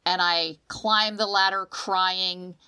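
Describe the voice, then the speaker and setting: A woman's voice: fairly low pitch, slow. A woman co-hosting a podcast in casual chat, telling stories expressively with frequent restarts. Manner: expressive, restarts often, animated storytelling. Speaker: podcast co-host.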